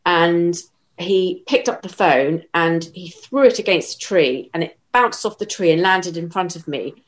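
Low-voiced woman recounting an ordeal. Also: expressive. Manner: measured, halting retelling with restarts. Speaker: interviewee. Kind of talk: personal account in an interview.

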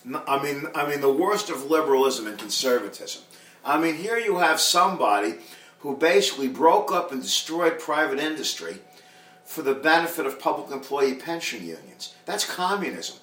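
A man's voice: a little high, big pitch swings, moderate pace, fairly bright tone. Blunt man, distant in an echoey room. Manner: blunt, repeats words and restarts often. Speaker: podcast guest. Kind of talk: casual podcast chat. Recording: echoey room, voice away from mic.

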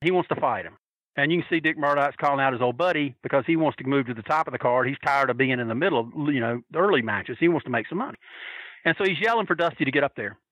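Man, bright tense tone, dry close sound; lively raconteur who slips into character voices. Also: medium pitch, fast, no echo, dull audio. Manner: animated, acts out quoted voices. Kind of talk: casual anecdote telling.

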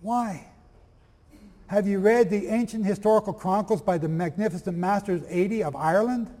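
A man teaching a lively sermon, reading aloud from old texts and firing questions at his audience. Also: sits high, normal speed, long reverb tail. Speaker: preacher.

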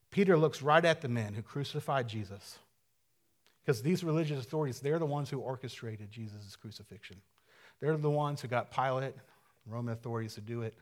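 A man preaching a sermon in a conversational, dynamic way, dropping to a hush and then rising to loud emphasis, with casual asides and quick self-corrections. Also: medium pitch. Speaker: pastor.

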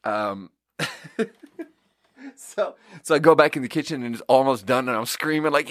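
A man with a Swedish accent telling a restaurant story casually as a podcast host, getting animated and loud when quoting people. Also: normal speed, pauses often, no echo, clean studio sound. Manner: animated, rises to high shouting when quoting the kitchen.

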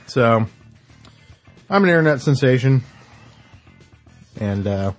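A man co-hosting a podcast, telling a rambling story in casual chat and often clearing his throat. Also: medium pitch, lively intonation, slow pace, soft background music. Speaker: podcast co-host.

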